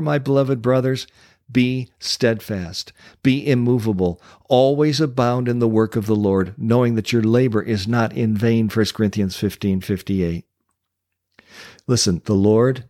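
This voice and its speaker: A man from a Christian coaching ministry preaches a devotional sermon, pressing listeners with repeated questions and reading Bible verses slower and lower. His voice is a little mellow, in a dry, studio-quality recording.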